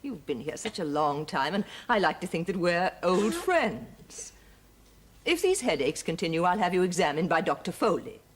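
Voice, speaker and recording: An actress playing a firm, formal lady of the house, speaking in a slightly husky voice. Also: fairly low pitch, very animated, moderate pace. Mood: consoling. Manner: commanding, formal, then gently consoling. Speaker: mistress of the household. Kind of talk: period television drama.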